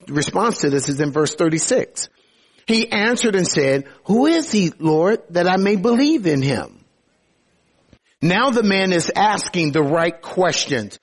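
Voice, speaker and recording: A man preaching a sermon, expressive, lifting his voice for emphasis and slowing down on quoted verses. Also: on the high side, slightly rough.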